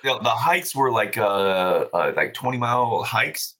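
A man with a fairly low, bright and forceful voice tells a story as a podcast guest. His talk is loose and casual, sprinkled with swearing and quick laughs. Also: lively intonation, a little hiss or hum. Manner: loose, profane, laughs often.

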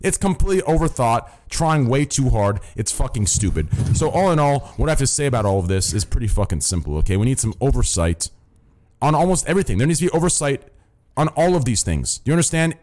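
A man's voice: mid-range voice, big pitch swings, fast talker, a little mellow. Profane, blunt young male streamer. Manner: swears constantly, repeats "listen" and "okay?", blunt. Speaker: streamer hosting a voice chat. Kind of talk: casual profane stream rant.

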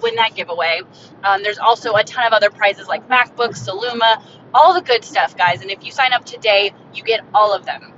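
A young woman from Florida hosting a casual podcast, talking excitedly into her phone while driving in her car. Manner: excited, upbeat, salesy. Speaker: podcast host. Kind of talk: casual solo podcast pitch. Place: in a moving car. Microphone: phone mic. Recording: dull phone recording with car rumble.

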